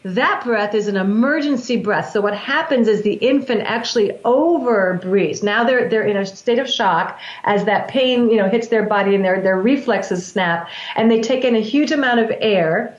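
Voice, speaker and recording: A woman who works as a breathwork practitioner, explaining in a calm, measured way with frequent restarts. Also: medium pitch, reverberant, lo-fi sound. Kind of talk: explanatory interview talk.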